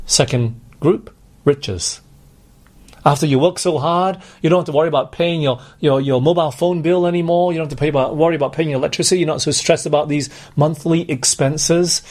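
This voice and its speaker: A man's voice: a little high, fairly quick, a little mellow. A man preaching a sermon, earnestly putting questions to his congregation.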